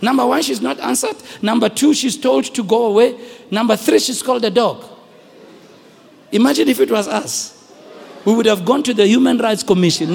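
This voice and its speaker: A man with a South African accent preaching a sermon to a congregation, animated, shouting at the peaks and joking with the crowd. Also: extremely high pitch, normal speed, gravelly, breathy edge. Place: church hall with congregation. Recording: long echoing hall reverb.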